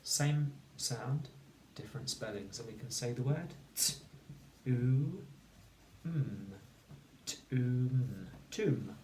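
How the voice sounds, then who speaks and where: A man teaching a phonics lesson to children, slowly and clearly sounding out each word. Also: medium pitch, lively intonation, darkish tone. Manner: slow, clear sounding-out of words. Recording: echoey room, distant mic, faint noise.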